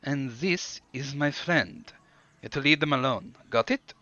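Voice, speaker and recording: A man voices a ferocious, protective young woman activist. She speaks slowly and firmly with a stern edge. The recording is slightly muffled. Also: medium pitch, expressive, pushed and bright, no echo, pitched above the performer's own voice.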